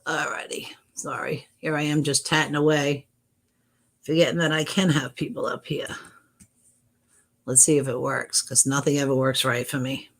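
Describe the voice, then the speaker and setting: A woman's voice: extremely low pitch, flat delivery, moderate pace. A middle-aged woman chatting casually on her livestream, greeting viewers from chat and talking with frequent restarts. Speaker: livestream host. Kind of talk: casual live-stream chat.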